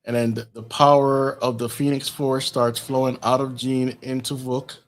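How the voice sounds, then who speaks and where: A man's voice: mid-range voice, little pitch movement, moderate pace. A man on a podcast recapping a film's plot in casual chat, rambling along with lots of ums and restarts. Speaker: podcast co-host.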